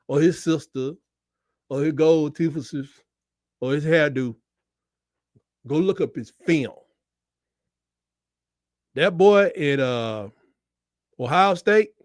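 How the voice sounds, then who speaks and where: A man hosting a live football watch-along, shouting at big plays and talking in casual slang. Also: fairly high pitch, no echo, clean studio sound. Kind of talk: excited game-watch commentary.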